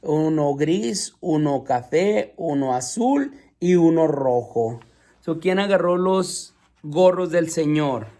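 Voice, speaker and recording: A man's voice: on the high side, expressive, measured pace, dark tone. Man reading a storybook aloud. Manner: asks listeners questions, patient and teacherly. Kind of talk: bilingual storybook read-aloud.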